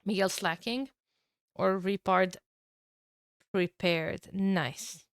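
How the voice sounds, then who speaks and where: A woman commentating a strategy game match, her voice hoarse from being sick, talking at low energy with throat-clearing and fillers. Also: drawn-out words, no room sound. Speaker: tournament caster.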